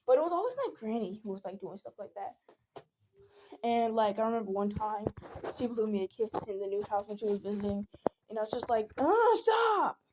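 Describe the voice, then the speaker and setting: A woman's voice: mid-range voice, fairly quick, mellow, a little hiss or hum. Young woman rambling through a storytime. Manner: rambling, with many fillers and restarts. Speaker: vlogger. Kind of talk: casual storytime venting.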